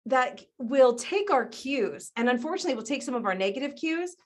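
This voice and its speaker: A woman guest on a podcast interview, explaining ideas in an animated way, often laughing and acting out other people's voices. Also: sits high, a little fast. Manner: animated, acts out quoted voices. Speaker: guest business strategist.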